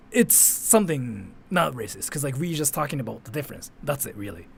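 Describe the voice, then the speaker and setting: A man's voice: mid-range voice, big pitch swings, fairly quick, vocal fry, few pauses, faint music behind. A young man whose first language is Japanese, chatting casually on a live stream and answering his chat, with a rambling manner that leans hard on "like" and lets phrase ends fade. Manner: rambling, heavy use of "like", trails off quietly at phrase ends.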